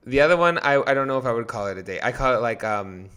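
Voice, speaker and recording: A man's voice: mid-range voice, lively intonation, quick pace, fairly bright tone, smooth. A young man co-hosting a podcast, telling a story in a rambling, hesitant way with many restarts. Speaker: podcast co-host. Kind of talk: casual chat.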